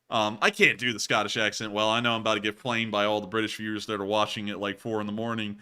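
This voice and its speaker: A man's voice: fairly low pitch, steady tone, fast talker, few pauses, pushed and bright, clean tone. A man hosting a livestream in casual chat, rambling with lots of filler sounds. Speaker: livestream host.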